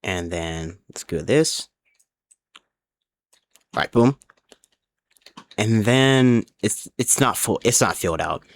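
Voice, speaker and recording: A man's voice: lowish voice, animated, slow pace, pauses often, dry recording. A man streaming a game live, rambling along as he plays, often restarting his sentences and swearing, and a little drunk. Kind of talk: casual live gaming commentary.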